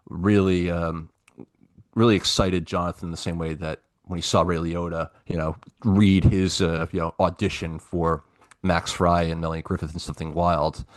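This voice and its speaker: Deep-voiced podcast host, very dry. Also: male voice, no echo. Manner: rambling, many "like, you know" fillers. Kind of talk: casual podcast film discussion.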